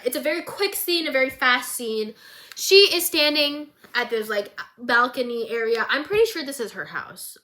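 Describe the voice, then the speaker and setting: A woman's voice: fairly high pitch, sharp tone. A woman vlogger giving a casual, chaotic show recap with jokey, rambling asides.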